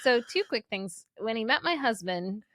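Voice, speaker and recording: Lively, laughing woman storyteller. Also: a little high, moderate pace, dry recording, clean studio sound. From Indiana. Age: 40s. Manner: animated storyteller, laughs often. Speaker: podcast co-host. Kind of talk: casual chat.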